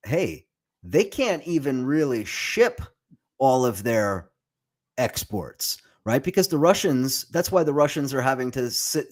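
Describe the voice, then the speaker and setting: A man hosting a political commentary livestream, talking in a conversational way with quick asides and the odd stammered restart. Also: medium pitch. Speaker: livestream host.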